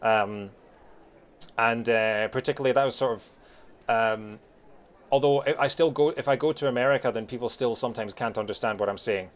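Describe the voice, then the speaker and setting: A man in his thirties with a softened Scottish accent, chatting casually with viewers while streaming a game, rambling with many fillers. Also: medium pitch, moderate pace. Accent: Scottish, softened by years in England. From Scotland.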